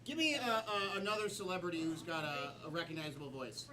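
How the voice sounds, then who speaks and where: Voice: mid-range voice, sing-song, fast talker. An improv comedy host running a live show, upbeat and often laughing as they take suggestions from the audience. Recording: distant mic with loud crowd.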